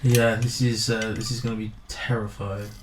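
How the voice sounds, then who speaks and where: A man's voice: fairly low pitch, little pitch movement, moderate pace, crowd noise. A man co-hosting a podcast, chatting casually and often chiming in with short agreements. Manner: frequent short agreeing interjections. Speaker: podcast co-host. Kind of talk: casual chat. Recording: roomy echo, faint background noise.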